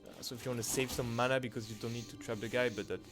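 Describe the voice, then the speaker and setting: A man commenting on his gameplay, reading patch notes aloud in non-native English phrasing and breaking into excited exclamations. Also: medium pitch, rapid-fire. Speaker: channel host. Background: background music.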